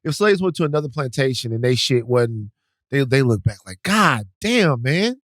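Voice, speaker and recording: A man's voice: mid-range voice, animated, fairly quick, no echo, clean studio sound. A man co-hosting a podcast, teasing and joking in casual chat and swearing freely. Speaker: podcast co-host.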